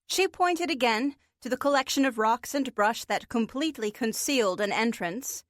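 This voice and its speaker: A woman narrating a fantasy audiobook in a measured, expressive way. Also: fairly high pitch, no echo, clean studio sound. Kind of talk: scripted fiction narration.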